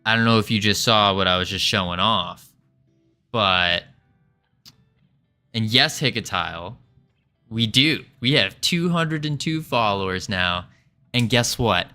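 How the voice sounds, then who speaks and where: A man's voice: fairly low pitch, expressive, a little slow, pauses often, sharp tone, soft background music. A man chatting playfully on a livestream while building a game, joking with his viewers. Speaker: streamer and game developer. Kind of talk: casual livestream chat.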